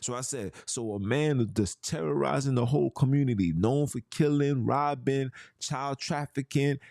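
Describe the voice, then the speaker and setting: A man's voice: medium pitch, moderate pace, creaky, darkish tone, no echo, studio quality. A man hosting a podcast, talking in a casual, emphatic monologue full of street slang and preachy asides. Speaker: podcast host.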